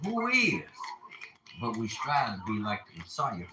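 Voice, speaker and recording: A man chatting on a live stream in an animated, preachy, joking way, laughing often. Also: mid-range voice, a little slow, noisy background. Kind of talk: casual live-stream chat.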